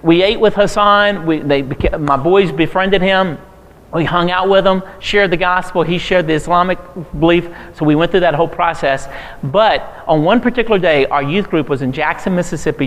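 Preacher guy telling stories, does the voices, bit of a higher voice, big echoey hall. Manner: storytelling, acting out quoted voices with humor. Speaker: pastor. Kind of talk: sermon-style talk to a church audience. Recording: long reverb of a large hall.

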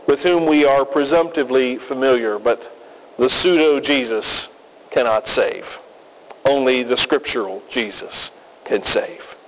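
A man preaching a sermon as pastor, emphatic and deliberate with folksy asides, recorded in a reverberant hall. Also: fairly high pitch.

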